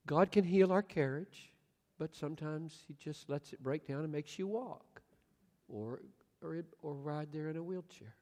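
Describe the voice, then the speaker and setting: A man in his sixties preaching a sermon, emphatic and swinging up to loud, impassioned bursts. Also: a little high, unhurried. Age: 60s. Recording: echoey hall with long reverb.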